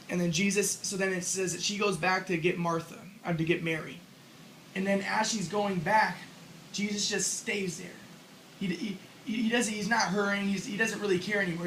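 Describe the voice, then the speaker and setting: A man's voice: high voice, a bit bright, slight background noise. A man giving an informal spoken lecture, casually retelling a story and thinking aloud as he explains his own model. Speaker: self-published theorist explaining his model.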